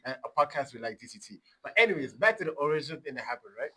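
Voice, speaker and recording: A man's voice: fairly high pitch, racing, slightly rough, poor audio. A young man co-hosting a casual podcast, telling a story with lots of laughter. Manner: animated storyteller, laughs often. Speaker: podcast co-host.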